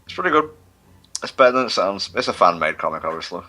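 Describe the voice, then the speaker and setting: A man's voice: sits low, sing-song, fast, bright, forceful tone. A man co-hosting a gaming livestream, rambling and self-mocking in casual chat. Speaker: livestream co-host.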